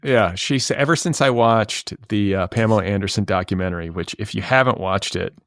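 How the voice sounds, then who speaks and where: 50s guy hosting a podcast, lowish voice, dry close sound, rambly and easygoing. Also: fairly quick, no room sound. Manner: rambling, relaxed, lots of fillers. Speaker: podcast host. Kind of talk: casual chat.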